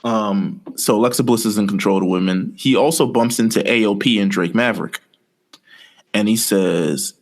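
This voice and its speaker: Low-voiced man rambling through wrestling booking. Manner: rambling, storytelling with quoted asides. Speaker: podcast co-host. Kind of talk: casual wrestling podcast chat.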